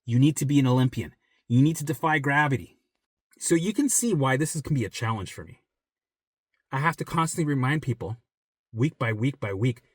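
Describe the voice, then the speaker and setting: A man talking straight to viewers as a recovery coach, blunt and profane, repeating himself for emphasis and dropping to a soft low voice when reassuring. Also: expressive, normal speed, no echo, studio quality. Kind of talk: direct motivational talk to viewers.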